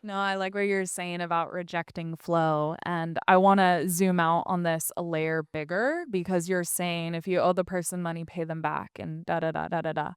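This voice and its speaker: A woman hosting a spiritual interview, gentle and laughing often. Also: lowish voice, fairly even intonation, normal speed, hardly any pauses, clean tone, no room sound, studio quality. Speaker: host.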